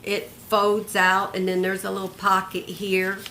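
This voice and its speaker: This craft vlogger, an older retired woman, presents a handmade journal in a chatty, homey show-and-tell, describing every piece in turn. Yet her medium-pitched delivery is completely flat, unhurried and sharp in tone, with slight background noise.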